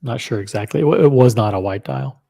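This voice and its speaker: A man's voice: mid-range voice, fast talker, vocal fry, dark tone. A man hosting a casual livestream, talking straight to viewers in an upbeat way. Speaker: livestream host.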